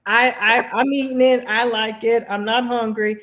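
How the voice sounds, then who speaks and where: Woman, interview guest, earnest animated storytelling, slightly high voice. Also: normal speed. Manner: earnest and animated, with frequent restarts. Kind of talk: casual personal storytelling.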